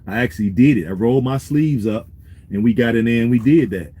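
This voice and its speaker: A man's voice: medium pitch, brisk, mellow, husky. A man vlogging in a laid-back, street-wise way, talking to his viewers and giving business advice. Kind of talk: casual talk to camera.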